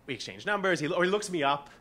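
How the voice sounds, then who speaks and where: A man in his forties telling a funny personal story, animated and profane, often laughing. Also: sits high. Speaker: guest storyteller.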